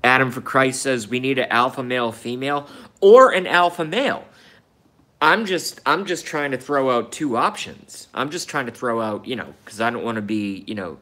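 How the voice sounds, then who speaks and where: A man's voice: medium pitch, normal speed, bright, forceful tone. A man hosting a live stream, ranting heatedly about politics, swearing often and repeating his points, while reading out and answering viewer comments. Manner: heated, profane, repeats himself.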